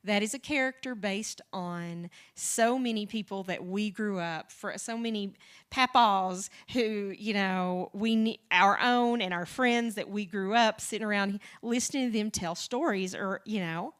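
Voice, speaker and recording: A woman from the American South, speaking as a guest on a conversational interview. She rambles and restarts often, slipping in soft laughs, with a middle-pitched voice. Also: unhurried, smooth. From Southern United States. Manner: rambling and chatty, with frequent restarts and light laughs. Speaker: podcast co-creator, guest.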